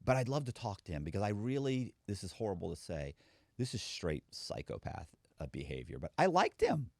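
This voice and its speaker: A man's voice: on the low side, very animated, fairly quick, creaky, dry recording. A man, a former con man, talking candidly in a casual podcast conversation and acting out quoted voices.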